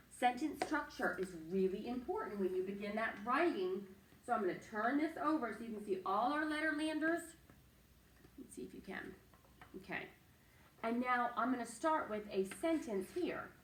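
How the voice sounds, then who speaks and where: A woman's voice: on the high side, a bit bright, reverberant, recorded from a distance, a little hiss or hum. A woman teacher leading a young children's phonics lesson, patient and sing-song, coaxing them to repeat after her. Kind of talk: early-reading phonics lesson.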